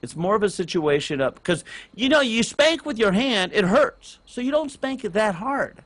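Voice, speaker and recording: A middle-aged man, telling a long personal story on a casual gaming podcast, rambling with restarts and getting loud on key points. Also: high voice, moderate pace. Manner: animated, rambling with restarts, rises loud on emphasis. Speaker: podcast co-host and parent.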